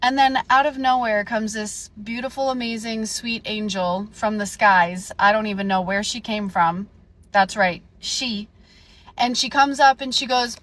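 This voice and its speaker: A young woman telling a story in a casual rant, animated and indignant, acting out the dialogue. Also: mid-range voice, unhurried, no room sound. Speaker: storyteller vlogger.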